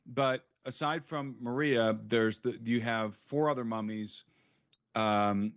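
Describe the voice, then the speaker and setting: A man's voice: medium pitch, fairly even intonation, slow pace, clean tone, no room sound, clean studio sound. A man speaking as an interview guest, giving an earnest, frank first-hand account in conversation.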